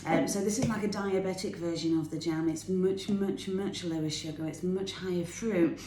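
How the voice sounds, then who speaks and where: A fitness vlogger in her kitchen at home shares casual tips on healthy eating with her viewers, speaking to the camera in a bubbly, enthusiastic manner and laughing along the way. Her voice is lowish and warm, with fairly even intonation and a moderate pace. Slight background noise joins the echo and faint ambience of the room.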